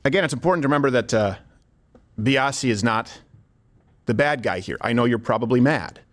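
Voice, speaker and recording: Brief: male commentary host, lively pitch, pushy and direct to camera. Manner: emphatic, argumentative, addresses viewers directly. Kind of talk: scripted commentary narration.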